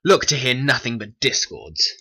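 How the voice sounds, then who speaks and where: A man's voice: mid-range voice, very animated, normal speed, bright, forceful tone, husky, full character voice. A man voicing a mocking, defiant young fighter in a homemade stop-motion animation.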